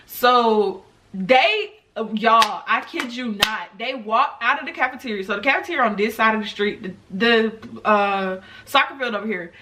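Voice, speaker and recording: A young woman from the United States telling a personal story on her vlog, talking to viewers in an animated, chatty way. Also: mid-range voice. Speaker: vlogger.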